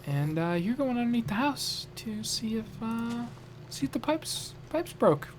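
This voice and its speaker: A man voicing his big, gruff father, who hollers but whose bark is worse than his bite. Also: very high voice, big pitch swings, a little slow, a little hiss or hum, pitched above the performer's own voice, heavily acted. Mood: gruff instructing.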